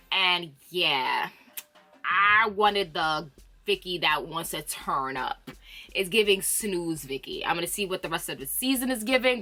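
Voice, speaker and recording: A woman vlogger giving a chatty, animated reality TV recap, laughing often and using playful slang. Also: mid-range voice. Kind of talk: casual recap chat.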